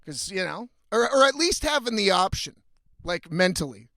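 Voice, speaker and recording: A man's voice: sits high, big pitch swings, normal speed, sharp tone, dry recording, studio quality. A young man telling a story in a casual, blunt and profane rant, often exasperated. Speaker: vlogger.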